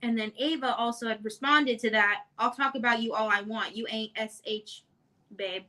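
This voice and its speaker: Bright woman reading texts aloud. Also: fairly high pitch, normal speed, poor audio. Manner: narrates with many "and then she goes".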